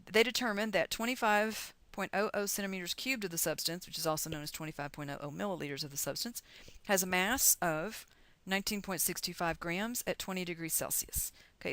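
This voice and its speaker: A woman's voice: fairly low pitch, fairly bright tone, no echo. A middle-aged woman from the United States teaching chemistry in a recorded lecture, chatty and encouraging as she talks through calculations aloud.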